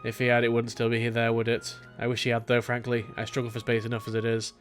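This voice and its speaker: A prim, tight-lipped old woman tailor who grumbles at her visitors, as a man voices her while reading a game. She talks at a plain middle pitch, with faint game music under her. She is guarded and gives nothing away. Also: monotone, fast talker, lightly acted. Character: elderly female tailor shopkeeper, guarded and grumbling.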